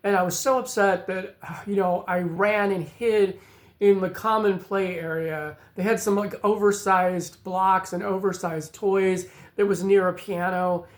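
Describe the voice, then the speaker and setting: A man's voice: sits high, fairly even intonation. Reflective man telling a personal story. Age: adult. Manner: reflective, halting, often says "you know". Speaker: vlogger.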